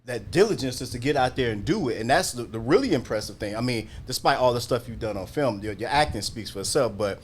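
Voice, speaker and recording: A relaxed man, here as a guest talent manager, explaining his work patiently on a live chat. His pitch sits in the middle range. A faint hiss of noise runs under his voice. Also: fast, few pauses. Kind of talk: casual interview chat. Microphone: video call.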